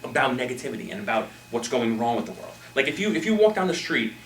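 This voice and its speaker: A quick, animated man teaching a group in a meeting room, acting out how people react. He sounds far from the mic, with the room's echo around him and a faint hiss underneath. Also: mid-range voice. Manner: animated, acts out quoted reactions. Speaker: speaker leading a Toastmasters workshop. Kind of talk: live motivational talk. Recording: roomy, from a distance, faint noise.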